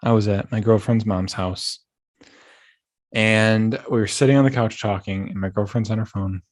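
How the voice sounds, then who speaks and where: A young man hosting a podcast, rambling through animated stories full of restarts. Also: fairly low pitch, normal speed. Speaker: podcast host. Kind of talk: casual chat.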